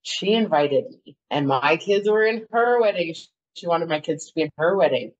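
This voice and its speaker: A woman's voice: fairly low pitch, lively intonation, normal speed. A woman telling her personal story as a podcast guest, in an earnest, rambling way. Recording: dull, lo-fi audio.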